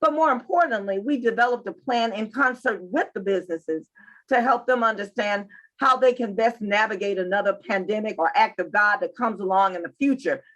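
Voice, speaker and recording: A woman's voice: mid-range voice, fairly quick, fairly bright tone. A woman, a chamber of commerce president answering interview questions and repeating key points for emphasis. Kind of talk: interview guest.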